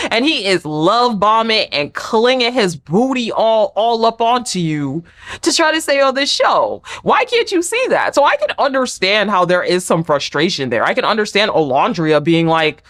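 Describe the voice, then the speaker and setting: A woman giving a casual, chatty reality TV recap, often acting out cast members in high mocking voices. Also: very animated, moderate pace, fairly bright tone. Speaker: recap vlogger.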